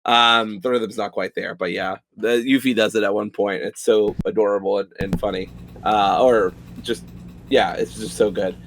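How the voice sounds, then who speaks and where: A young man with a lowish voice chats on a casual gaming podcast. He talks loosely and enthusiastically, dropping casual swears as he gushes. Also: fairly even intonation, moderate pace, vocal fry, a bit bright. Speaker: podcast co-host.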